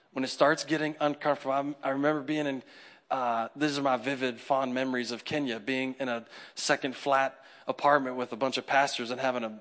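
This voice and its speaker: A man preaching a sermon as pastor, animated, shifting from hushed asides to loud, excited peaks and acting out quoted voices for comic effect. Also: mid-range voice.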